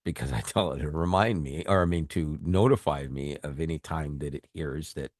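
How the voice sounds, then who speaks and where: A man co-hosting a tech podcast in casual chat, animated, often laughing and repeating words. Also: rumbling low, moderate pace, no echo, clean studio sound. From Canada. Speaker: podcast co-host.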